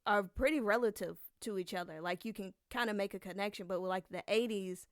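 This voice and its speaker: A woman's voice: medium pitch, fairly quick, dry recording, clean studio sound. A woman hosting a podcast in a casual, chatty monologue, rambling with lots of fillers. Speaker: podcast host.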